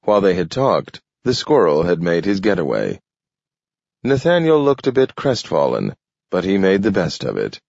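A man narrating an audiobook in a measured, deliberate reading. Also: sits low, wildly swooping pitch, vocal fry, darkish tone, dry recording. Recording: dull lo-fi recording.

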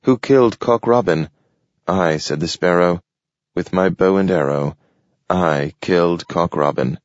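Vecchio robot maschio, stanco, parla piano e con gravità, letto da un uomo, voce profonda, audio spento. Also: male voice, low-pitched, dry recording. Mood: grave. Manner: slow, grave and grating. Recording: dull lo-fi audio.

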